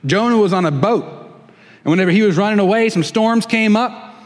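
A man preaching a sermon in a relaxed, conversational way with folksy asides. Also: high voice, a little fast, long reverb tail. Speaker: pastor.

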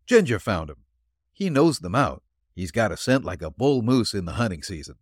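A sly backwoods hunter talks in a folksy, glib drawl, as a male narrator puts him on. His voice runs low and lively, bobbing up and down. The storybook reading sounds dry and close. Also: moderate pace, no room sound. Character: shifty rustic hunter, middle-aged man.

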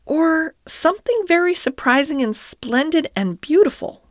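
A woman voicing a dreamy, poetic male water rat in a storybook reading, murmuring in a hushed, languid way. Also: a little high, expressive, unhurried, no echo, studio quality. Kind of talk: storybook character voice.

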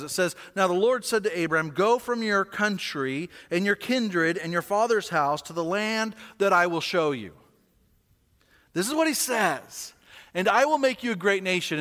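A man preaching a sermon as pastor, conversational and asking the congregation questions, swinging from quiet to loud. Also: sits high, in a large hall.

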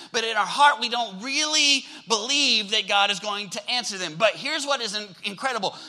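A man's voice: extremely high pitch, bright, forceful tone, low-quality recording. A male pastor preaching a sermon with energy, drawing the congregation in with call-and-response prompts.

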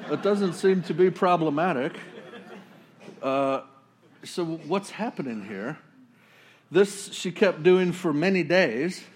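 A man preaching a casual sermon, talking it through conversationally and acting out quotes in a lively way. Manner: conversational, acts out quotes with sudden high jumps and laughs. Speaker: pastor.

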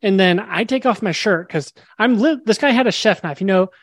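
A man's voice: sits high, fairly quick, dry recording. Man telling a story, dry close sound. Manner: animated, acts out quoted dialogue. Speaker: podcast guest. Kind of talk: storytelling in a casual interview.

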